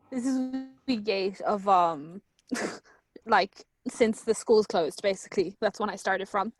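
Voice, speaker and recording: A woman's voice: medium pitch, takes it slowly, pauses often, no room sound. An Irish woman co-hosting a podcast in casual chat, wry and chatty with frequent laughter. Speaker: podcast co-host.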